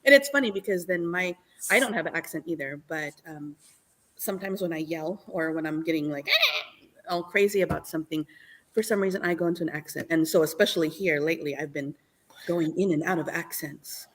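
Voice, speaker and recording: Animated, laughing woman guest. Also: low-pitched, brisk, slight background noise. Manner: animated, laughing often, restarts her phrases. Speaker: guest artist. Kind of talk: casual live-stream chat.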